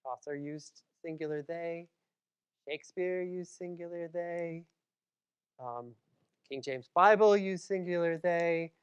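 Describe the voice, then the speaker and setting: A woman's voice: on the low side, takes it slowly, smooth, highs cut off. A woman from Massachusetts giving a public library lecture, conversational, with frequent ums and asides to the audience.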